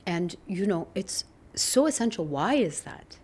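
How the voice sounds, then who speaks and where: A woman's voice: fairly low pitch, big pitch swings, unhurried, a little mellow, breathy edge. Earnest, reflective woman guest. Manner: earnest, reflective, laughs often. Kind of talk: candid podcast conversation.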